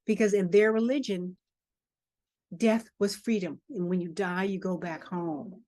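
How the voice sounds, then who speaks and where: Brief: older woman, author guest, earnest storyteller, mid-pitched voice, dry close sound. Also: fairly even intonation, a little slow, dark tone, no echo. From Charleston, South Carolina family; grew up in Harlem. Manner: earnest storytelling, emphatic repetition. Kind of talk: podcast interview.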